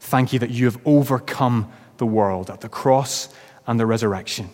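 A man's voice: medium pitch, normal speed. A man preaching a sermon as pastor, then leading a closing prayer. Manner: reads a story aloud with rising, shouted quotes. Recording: long reverb of a church hall.

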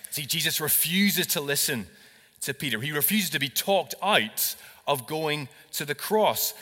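A man preaching a sermon, talking expressively and acting out quoted dialogue by rising and falling in loudness. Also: mid-range voice. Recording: long reverb of a large hall.

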